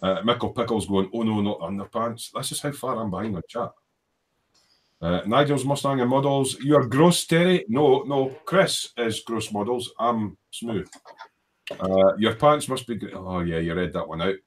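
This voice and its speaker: A man's voice: lowish voice, moderate pace, a little hiss or hum. A man hosting a casual live stream from his hobby workshop, reading viewers' comments aloud in a jokey, rambling way and laughing easily. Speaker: livestream host.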